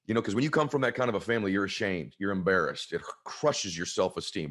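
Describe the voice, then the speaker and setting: A man's voice: low-pitched, quick pace, hardly any pauses, a bit bright. A man telling a personal story as a guest in an interview, earnest and choked up with emotion. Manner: earnest, heartfelt. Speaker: guest author.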